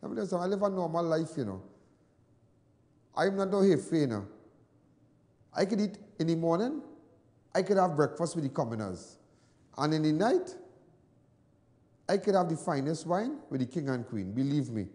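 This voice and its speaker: A Trinidadian man hosting a news show, telling personal stories in casual commentary, animated and then low and soft when sad. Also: normal speed, pauses often, in a large hall. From Trinidad and Tobago.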